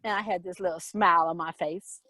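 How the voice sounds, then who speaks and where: A middle-aged woman casually telling a personal story, animated, with quick repetitive retelling. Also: lowish voice, no echo, low-quality recording.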